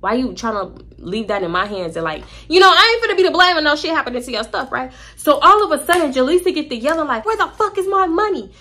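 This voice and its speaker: A young woman telling an animated, candid storytime vlog, slangy and profane. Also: sits high, fast talker, few pauses. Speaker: vlogger.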